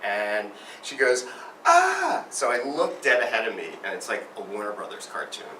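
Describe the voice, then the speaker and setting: A man's voice: fairly low pitch, brisk, sharp tone. A man telling a rambling, self-mocking story about a near-miss on his bike. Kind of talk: personal storytelling. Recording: roomy, distant mic, faint noise.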